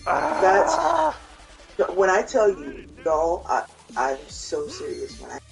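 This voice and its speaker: Animated, swearing man telling a story. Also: fairly high pitch, measured pace, music in the background, rough recording. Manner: animated, swears freely, talks to himself in retellings. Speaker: gaming co-host. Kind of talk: casual storytelling chat.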